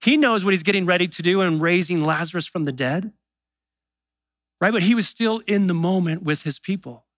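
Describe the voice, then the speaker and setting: A man preaching with a bright, forceful tone and a slightly raised pitch. His delivery is conversational, slipping into quick voiced asides for people's doubts. The sound is close and dry. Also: dry recording. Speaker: pastor. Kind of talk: sermon.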